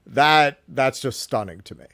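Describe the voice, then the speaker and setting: A man from New York co-hosting a casual political chat stream, talking in an animated, indignant way with lots of swearing. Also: medium pitch, a little slow, no room sound, clean studio sound. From New York, Queens. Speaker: co-host.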